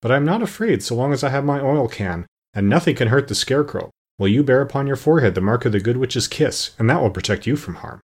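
A man reading an audiobook, voicing a kindly male tin man in a calm, measured way. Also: medium pitch, breathy edge, pitched above the performer's own voice.

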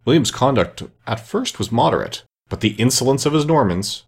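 A man's voice: mid-range voice, animated, brisk, husky. A man voicing a touchy, easily offended mouse in a storybook reading, speaking sharply and severely.

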